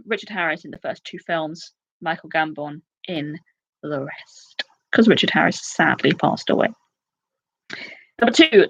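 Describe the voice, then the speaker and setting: A woman in her twenties hosting a casual live quiz, chatty and excitable, with quick asides. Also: medium pitch, muffled recording. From United Kingdom. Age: 20s. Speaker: quiz host.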